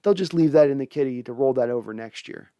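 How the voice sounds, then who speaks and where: A man's voice: medium pitch, quick pace, warm tone, clear, resonant tone, dry recording. A young man hosting a casual sports fan show, reading viewer comments and giving opinionated takes with frequent restarts.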